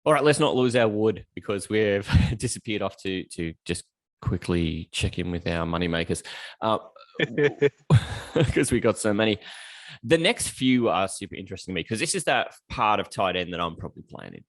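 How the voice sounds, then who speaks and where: A low-pitched Australian man hosting a casual podcast, steering the segments with playful ribbing. The recording is close and dry. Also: animated, normal speed, no room sound. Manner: playful, teasing, steers the talk. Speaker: podcast host.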